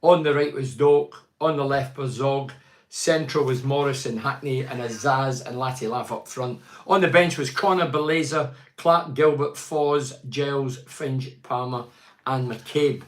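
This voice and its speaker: A man's voice: mid-range voice, a little slow, echoey room. An older Scottish man reviewing a football match on a live stream, frustrated and rambling, with stammers and restarts. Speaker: football pundit.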